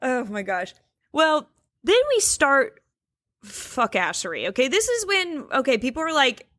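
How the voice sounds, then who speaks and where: A woman co-hosting a podcast in casual chat, animated and swearing freely as she talks. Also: on the high side, normal speed, dry recording. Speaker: podcast co-host.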